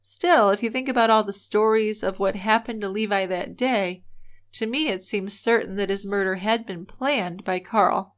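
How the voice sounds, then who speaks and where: Woman, true-crime podcast co-host, mid-pitched voice, earnest, opinionated. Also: normal speed. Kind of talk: casual true-crime storytelling.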